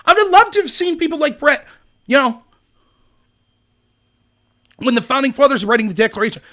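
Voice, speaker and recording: A man with a very high, bright voice hosts a political livestream. He rants with heat and sarcasm and picks fights with people in his chat. His tone stays sharp and forceful throughout. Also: expressive, quick pace, pauses often. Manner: heated, sarcastic, argues with chat viewers. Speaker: show host.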